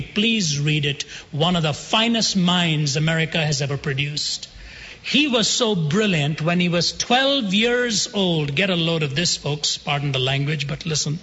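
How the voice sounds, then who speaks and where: A man preaching a sermon, telling a story with dramatic pauses and slowing down for emphasis. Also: a little high, a bit bright. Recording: dull sound with long hall reverb.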